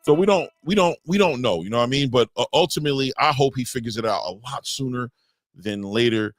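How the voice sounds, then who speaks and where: A man hosting a casual boxing chat show, talking loosely with repeats and shout-outs. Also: medium pitch, quick pace, no echo, clean studio sound, soft background music. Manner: loose, repetitive, hypes guests with shout-outs. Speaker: podcast host.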